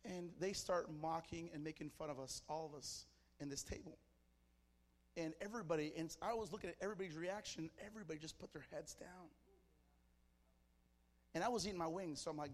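A man's voice: a little high, fast, big-room sound. A man from Mexico preaching to a church congregation, fervent and telling stories in short, punchy phrases. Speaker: pastor. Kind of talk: sermon. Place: church service.

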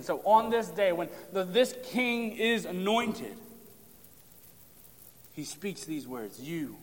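A man preaching a sermon on a psalm, emphatic, pressing hard on key lines and then dropping to a hush. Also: high voice, a little hiss or hum. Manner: emphatic, drops to hushed tones for stress. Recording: long hall reverb.

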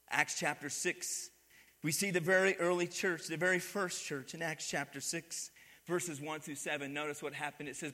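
A pastor's pushed, bright voice, a little high in pitch, fills a large hall as he preaches a sermon in a church sanctuary. He leads call-and-response, urging the congregation to reply and echo what he says.

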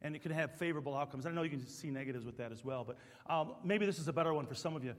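A man preaching a sermon as pastor, swinging from quiet, conversational asides to loud, emphatic preaching. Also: a little high, rapid-fire, big-room sound.

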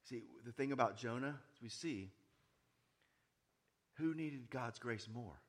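A man preaching a sermon, moving from hushed, quiet lines to loud, raised ones and asking his listeners many questions. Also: mid-range voice, measured pace. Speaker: pastor.

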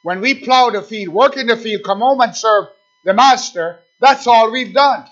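A man preaching a sermon, swinging between quiet asides and fervent rising calls. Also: extremely high pitch, moderate pace, highs cut off.

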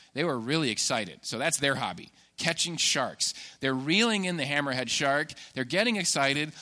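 A man preaching a sermon in a church, telling stories in a conversational, animated way. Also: fairly high pitch. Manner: conversational, animated storytelling with laughs. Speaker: pastor.

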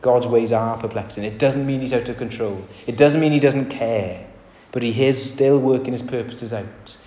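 A man's voice: mid-range voice, warm tone. A man preaching a sermon to a congregation in an earnest way, asking rhetorical questions and acting out short quotes. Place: church hall before a congregation. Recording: echoey reverberant hall.

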